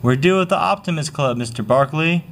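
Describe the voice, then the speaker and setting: A man's voice: a little high, fairly quick, a bit bright, voice pushed up. A man voicing a fussy manager who nags about schedules. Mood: nagging. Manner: fussy, nagging.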